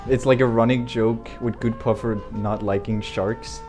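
A man's voice: mid-range voice, fairly even intonation, normal speed, darkish tone, soft background music. A young man co-hosting a casual stream about his game, laughing often, rambling and swearing. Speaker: game co-creator.

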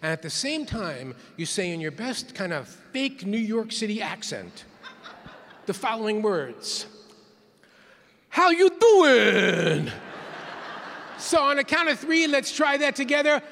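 A man's voice: sits high, sing-song, normal speed, sharp tone, a little hiss or hum. A man giving a playful keynote talk, leading the audience in call-and-response counts in a large conference hall. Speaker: keynote speaker. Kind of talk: interactive plenary talk.

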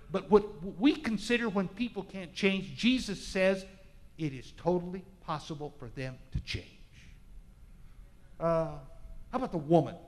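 A man preaching a sermon in a large church, impassioned, with dramatic swings from loud to hushed. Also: a little high. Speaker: pastor. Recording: echoey church hall.

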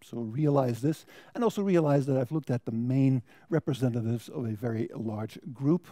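Middle-aged american guy lecturing, deep mellow tone, calm and measured, little dry jokes. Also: dry recording. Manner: measured, thoughtful delivery with dry humor. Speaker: guest lecturer. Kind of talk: academic lecture.

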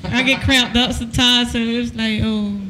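A man's voice: very high-pitched, flat delivery, normal speed, over a noisy crowd. A man on a podcast as a guest, talking hesitantly with lots of fillers in raunchy, casual banter. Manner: hesitant, filler-heavy, laughing. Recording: voices chattering behind.

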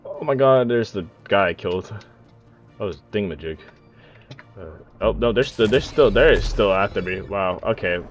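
A man's voice: on the low side, lively intonation, moderate pace, faint music behind. A young man narrating a video game as he plays, rambling in casual asides and breaking into panicky yelps and swearing. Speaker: gaming YouTuber. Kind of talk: casual let's-play commentary.

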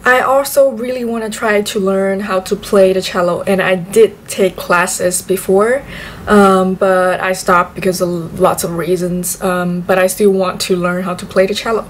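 A young woman from southern China chats in English with a Chinese accent, a native Chinese speaker in a casual vlog. She talks at a mid pitch, repeating words over and over for emphasis, with a faint hum of room ambience behind her. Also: fairly even intonation, unhurried. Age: young adult. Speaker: vlogger.

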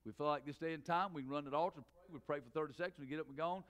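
Middle-aged male pastor, high and smooth voice, preaching with shouted peaks and quick asides. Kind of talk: sermon. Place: church sanctuary.

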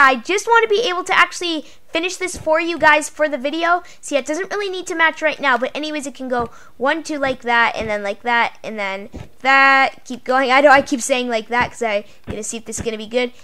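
Woman gaming host, high and bright, chatty, counts aloud, talks to viewers. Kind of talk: casual gameplay commentary.

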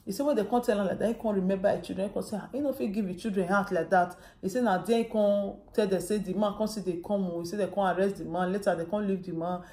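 Mellow-voiced woman telling a story in Pidgin. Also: medium pitch, fast, hardly any pauses, roomy sound. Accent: Nigerian Pidgin. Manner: retells a story with quoted dialogue. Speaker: vlogger. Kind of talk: casual storytelling.

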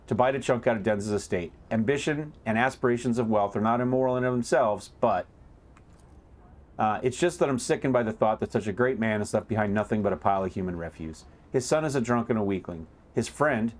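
A man's voice: lowish voice, darkish tone, natural voice. A man voicing a blunt, sardonic male chaplain from a game, reading his lines aloud in a dry, scornful way.

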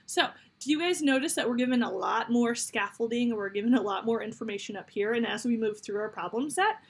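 A fairly high, husky woman's voice moves fairly quickly through a fifth grade math lesson on video. She's upbeat and encouraging, talking directly to her students, and a toddler can be heard babbling nearby over faint background noise.

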